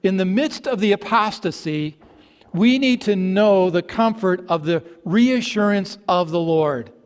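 A man's voice: high-pitched, lively intonation, a little slow, clean tone, long reverb tail. A man preaching a sermon to his congregation, stressing words with emphatic repetition. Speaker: pastor. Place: church sanctuary.

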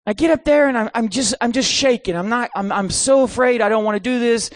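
A middle-aged man preaching a sermon, telling a comic story with animated delivery. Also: extremely high pitch, brisk, no echo, studio quality.

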